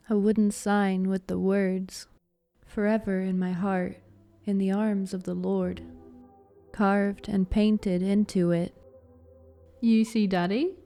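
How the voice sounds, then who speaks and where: A woman narrates a spooky story in a slow, deliberate reading with little rise and fall in her voice. Her tone is dark and mellow and stays steady from line to line. Soft music plays faintly underneath. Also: mid-range voice. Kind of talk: scripted narration. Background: faint background music.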